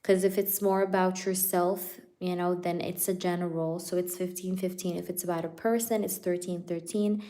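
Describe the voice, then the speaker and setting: Low-voiced chatty woman tarot reader. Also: little pitch movement, normal speed, hardly any pauses, dark tone. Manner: chatty and playful, laughing often, heavy on "like" and "you know". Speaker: tarot reader hosting a live stream. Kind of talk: casual live-stream chat and tarot reading.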